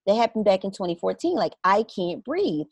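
A woman's voice: mid-range voice, fairly quick, husky, dry recording. Earnest woman telling a story, dry sound. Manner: animated, acts out her own inner reactions; earnest and reflective. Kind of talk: casual conversational storytelling.

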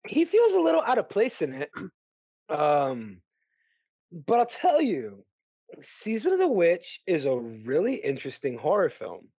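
A man co-hosting a podcast, chatting casually about movies in an animated, ranting way and swearing freely. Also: fairly high pitch, a little slow, slightly rough, no room sound. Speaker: podcast co-host. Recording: dry, dull lo-fi sound.

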